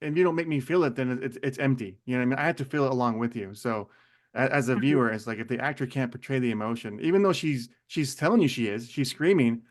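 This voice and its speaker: A man on a film podcast argues his view earnestly, circling back to the same point. He talks very fast at a middle pitch. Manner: earnest, repeats points for emphasis. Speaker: podcast guest. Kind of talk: casual film discussion.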